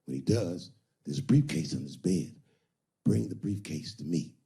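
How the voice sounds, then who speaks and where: A comic doing a cold low-voiced pimp. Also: male voice, expressive, moderate pace, creaky, dark tone. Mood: commanding. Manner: low, clipped orders, swearing. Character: cold commanding male pimp, low and menacing.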